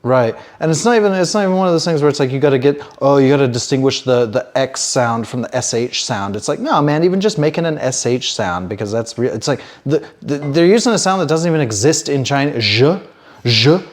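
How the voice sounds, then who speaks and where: A man's voice: on the high side, fast talker, hardly any pauses. A man co-hosting a comedy podcast, rambling and swearing as he chats casually. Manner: rambling, animated, swears often. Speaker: podcast co-host.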